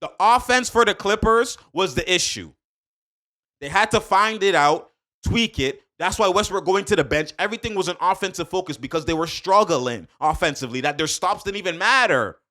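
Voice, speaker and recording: A man's voice: high voice, expressive, normal speed, bright, forceful tone. A man giving a casual, emphatic basketball breakdown, full of slang, repeating points and talking straight to his viewers. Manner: emphatic, fired-up, heavy slang, addresses viewers directly. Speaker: sports commentator.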